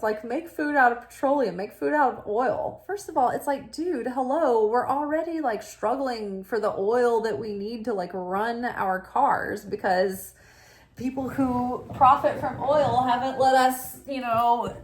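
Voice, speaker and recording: A woman giving a casual spiritual talk, animated and blunt, ranting with passion and swearing freely. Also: on the high side, a little slow. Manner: impassioned ranting. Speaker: spiritual teacher.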